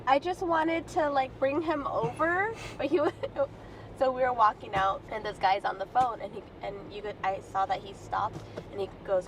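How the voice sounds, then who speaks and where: A woman's voice: a little high, moderate pace. A woman, the vlogger's wife, chatting in a bubbly, storytelling way during a casual vlog. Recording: distant, with loud outdoor noise.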